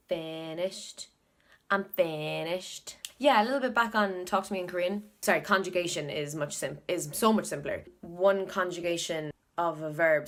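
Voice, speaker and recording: A woman with an Irish accent chatting casually in a study vlog, thinking aloud and repeating words to practise them. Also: fairly low pitch. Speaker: video blogger learning Korean.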